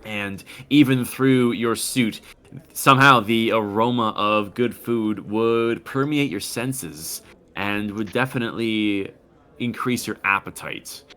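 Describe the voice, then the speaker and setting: A man running a tabletop game, narrating the story in a measured, descriptive way with occasional pauses. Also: on the low side, a bit bright, clear, resonant tone. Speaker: game master.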